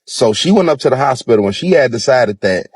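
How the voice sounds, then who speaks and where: A man's voice: medium pitch, expressive, fairly quick. A man casually telling a story in a rambling way, full of fillers. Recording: roomy echo.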